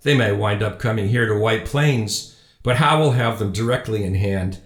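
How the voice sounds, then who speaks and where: A man's voice: on the low side, normal speed, echoey room, close to an everyday voice. A man voicing a pompous older loyalist father who gloats triumphantly in a storybook reading.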